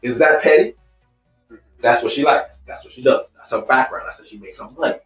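A man's voice: mid-range voice, brisk, fairly bright tone, echoey room, far from the mic, soft background music, poor audio. A man teaching a marriage seminar in an emphatic, repetitive way, building points with personal stories. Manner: emphatic and repetitive, stacking phrases. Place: seminar room.

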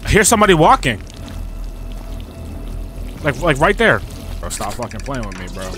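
Bright-voiced, animated young man. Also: medium pitch, normal speed. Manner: loud, profane, joking banter at the game. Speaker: gaming streamer. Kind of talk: horror game commentary. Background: game music.

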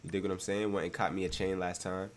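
A man's voice: low voice, little pitch movement, quick pace. A young man with a congested voice from a cold, giving slangy, hyped commentary over his gameplay. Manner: slangy, hyped, loud outbursts. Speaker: gaming streamer.

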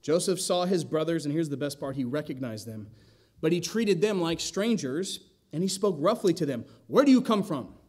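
A pastor preaching an expository sermon in a church, talking conversationally with the congregation. He tosses out rhetorical questions and wry asides in a slightly higher male voice. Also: expressive, normal speed, a little mellow. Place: church sanctuary.

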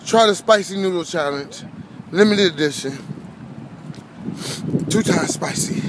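Amid heavy background noise, a young man with a high-pitched voice vlogs casually at a measured pace, pausing often. His mouth is burning, and he is teary, sweating, and short of breath, gasping and groaning as he goes.

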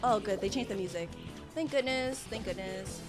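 Over game music, a young woman streams casual gameplay, chattering away and panicking aloud as she plays. She speaks at a moderate pace with a medium-pitched voice.

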